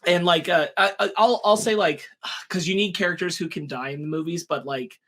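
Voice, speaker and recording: A man's voice: high voice, pushed and bright. A man co-hosting a podcast, weighing his opinions in casual chat with many ums. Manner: measured, hedging with ums. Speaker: podcast co-host.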